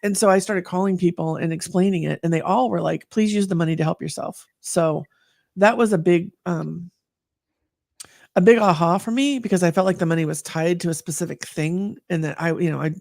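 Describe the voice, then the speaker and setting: A woman guest telling her story in a candid conversation, earnest and animated. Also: on the low side, brisk, creaky, dry recording, studio quality.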